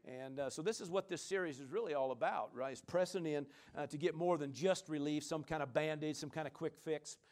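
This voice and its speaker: A man's voice: on the high side, darkish tone. Preaching man punctuating with amens. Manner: call-and-response preaching with frequent amens; casual, conversational delivery with many fillers. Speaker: pastor. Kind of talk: sermon.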